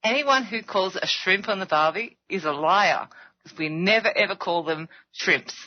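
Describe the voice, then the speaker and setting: A woman's voice: mid-range voice, normal speed. A woman with an Australian accent, a guest on a radio talk show, chatting bluntly and giggling often. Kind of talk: casual chat. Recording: dull lo-fi radio audio.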